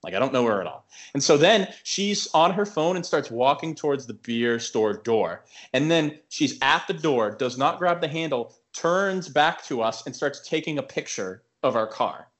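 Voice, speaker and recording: A man's voice: medium pitch, expressive, normal speed, few pauses, fairly bright tone. A young man co-hosting a podcast, telling a story in a rambling casual way, full of filler words and restarts. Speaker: podcast co-host.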